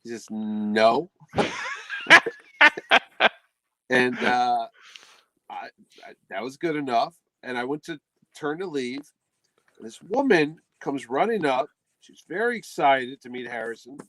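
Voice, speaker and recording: A man's voice: mid-range voice, slow, long pauses, no room sound, low-quality recording. A middle-aged man hosting a podcast, telling a comic story in a casual chat and acting out the quotes. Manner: animated, acts out quotes in the story. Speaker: podcast host.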